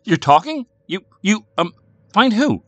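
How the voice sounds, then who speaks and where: A man voicing an angry, grieving young boy who shouts and sputters. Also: medium pitch, animated, measured pace, dry recording. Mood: upset. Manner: shouting, upset.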